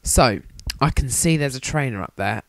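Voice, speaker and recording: A man's voice: mid-range voice, animated, moderate pace, a bit bright, dry recording. A young man giving jokey, rambling, self-mocking commentary on a handheld game he is playing. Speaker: let's play commentator.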